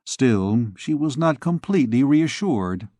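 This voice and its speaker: In a dry, studio-quality recording, a man with a mid-range voice reads a classic novel aloud. His audiobook narration is scripted, measured, and even.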